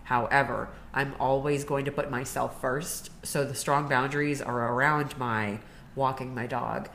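A woman with a notably low voice co-hosts a podcast in relaxed conversation. She tells stories with energy, and she laughs easily between her points. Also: unhurried, creaky, a little hiss or hum. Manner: chatty, animated storytelling with laughs. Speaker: podcast co-host. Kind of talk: casual chat.

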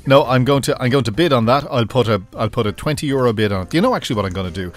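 A man's voice: medium pitch, animated, rapid-fire. A man with an Irish accent co-hosting a radio show, casual and playful, slipping into mock voices for a joke. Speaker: radio co-host. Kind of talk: casual chat.

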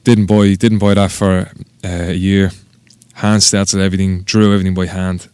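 Irish male tattoo artist, low voice, casual and sweary, dry recording. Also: normal speed, clean tone, no echo. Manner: swears freely, rambling and animated. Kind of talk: casual podcast interview storytelling.

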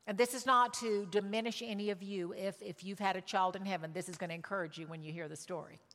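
A woman preaching a sermon, telling a story with emotion and shifting from loud cries to hushed words. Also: mid-range voice, steady tone, fast talker, big-room sound. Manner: emotional, swings from loud exclamations to hushed tones.

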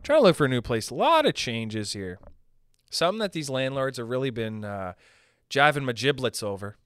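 A young man from Canada doing a rambling, profane stand-up monologue, pushing his pitch up and down for emphasis. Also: sing-song, brisk, a bit bright, clear, resonant tone, no room sound, studio quality. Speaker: stand-up comedian.

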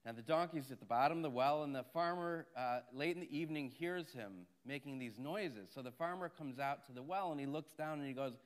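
A man's voice: medium pitch, fairly quick, hardly any pauses. Man preaching in a conversational storytelling way. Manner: conversational storytelling with "right?" asides. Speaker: Catholic priest. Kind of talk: sermon.

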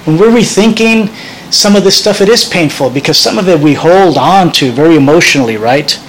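Higher-voiced man talking casually. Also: animated, a little fast, a little hiss or hum, low-quality recording. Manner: conversational, frequent restarts and tag questions. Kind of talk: casual talk reading aloud from a book.

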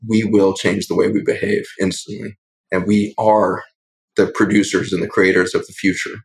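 Low gravelly man, earnest and reflective. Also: rough recording. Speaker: guest doctor. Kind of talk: podcast interview storytelling.

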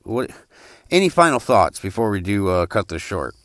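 A young man hosting a crude comedy podcast, hesitant with many fillers and quick to swear. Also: on the low side, sing-song, fairly bright tone, dry recording, clean studio sound. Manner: hesitant, full of "um", bursts into angry swearing. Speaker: podcast host.

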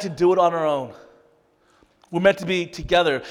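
Impassioned high-voiced male preacher. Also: brisk, pauses often, big-room sound. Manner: impassioned, swings from loud to hushed; emotional, earnest. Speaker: pastor. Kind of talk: sermon.

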